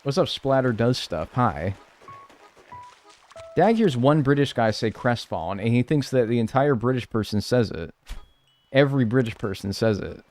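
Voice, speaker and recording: A man's voice: medium pitch, lively intonation, moderate pace, darkish tone, soft background music. An American man chatting casually on a live stream while playing a game, joking with his chat and swearing freely.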